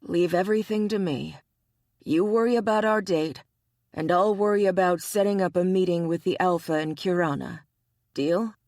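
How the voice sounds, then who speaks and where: A woman's voice: on the low side, moderate pace, a little mellow, no room sound, clean studio sound, lightly acted. A woman voicing a big, persistent, playful male bear shifter in an audiobook romance, cheerful and coaxing.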